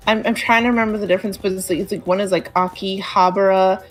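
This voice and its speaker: A woman's voice: mid-range voice, steady tone, racing, soft background music. A woman co-hosting a game stream, rambling casually with many fillers. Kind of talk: casual gameplay chat.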